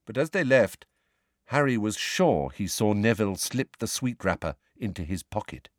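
A man narrates an audiobook in a low voice with lively, expressive pitch. His delivery is measured and storytelling. The recording is close and dry. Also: no echo.

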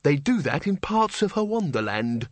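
A man's voice: a little high, sing-song, normal speed, no room sound, pitched above the performer's own voice. A man voicing a cheerful, dotty male wizard bursar who rambles happily, in a storybook reading. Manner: happy, rambling.

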